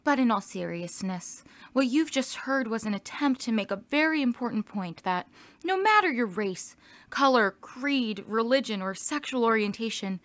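A woman's voice: on the high side, expressive, moderate pace, a bit bright, no echo. A woman delivering a mock-serious public service announcement on college radio.

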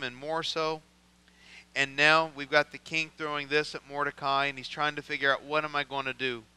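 A man's voice: medium pitch, sharp tone, clear, resonant tone, low-quality recording. A man with a Midwestern American accent preaching a sermon as a pastor, building to impassioned prayer. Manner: preaching with swelling intensity, voicing scripture prayers.

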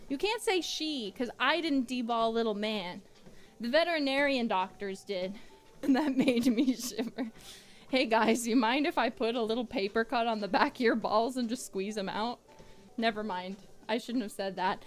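A woman streamer chatting casually on a livestream, telling stories in a dramatic, animated way. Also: high-pitched, unhurried, faint music behind. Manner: animated, dramatic storytelling with frequent laughter.

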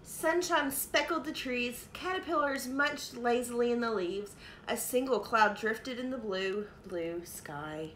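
A woman preschool teacher reading a picture book aloud to young children in an animated, sing-song way, in an echoey room. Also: a little high, a little slow. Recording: echoey room, faint noise.

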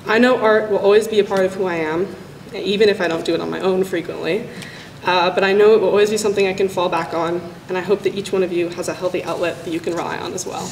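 A woman's voice: fairly low pitch, fairly even intonation, fast, slight background noise. Young woman's earnest speech in an echoey hall. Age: young adult. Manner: earnest, closing thoughts of a talk. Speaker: student giving a senior speech. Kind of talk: prepared speech. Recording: echoey hall, mic from far off.

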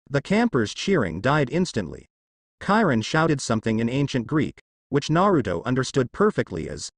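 Brief: male fan-fiction narrator, expressive, dry close read. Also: mid-range voice, no echo. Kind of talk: reading fan fiction aloud.

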